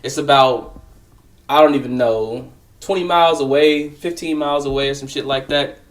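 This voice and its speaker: A man's voice: mid-range voice, steady tone, normal speed, distant mic. A young man casually telling a personal story, slangy and profane, talking straight to the listener.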